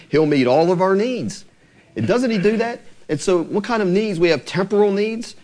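A man delivers an earnest church sermon in a fairly high, very animated voice. His pitch swings up and down for emphasis, and he slows down deliberately whenever he quotes scripture. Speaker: preacher.

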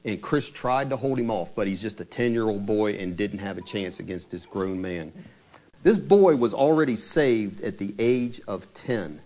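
A man preaching, his voice sitting at an ordinary middle pitch. He retells a story in a conversational way and turns dramatic at key moments. He speaks directly to his congregation. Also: a little mellow. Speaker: pastor. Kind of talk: sermon storytelling.

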